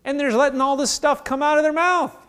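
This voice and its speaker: A male pastor preaching a sermon in a conversational way, acting out little dialogues and dropping to hushed intensity. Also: very high-pitched, a little fast. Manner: animated preaching, acts out voices of God and people.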